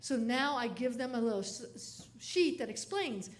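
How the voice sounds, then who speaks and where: High-voiced woman comedian telling stories. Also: normal speed, few pauses. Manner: animated, laughs often at her own stories. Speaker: comedian and keynote speaker. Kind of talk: comic keynote storytelling.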